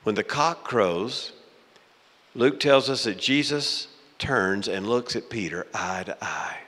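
A male pastor preaching a sermon in a church, dramatic and swinging between loud and hushed. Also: lowish voice, slow. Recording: long hall reverb.

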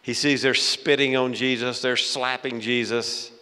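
A man's voice: mid-range voice, fairly even intonation, a little slow, clear, resonant tone. Dramatic male pastor in an echoing hall. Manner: dramatic, swinging from loud to hushed. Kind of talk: sermon. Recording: long hall reverb.

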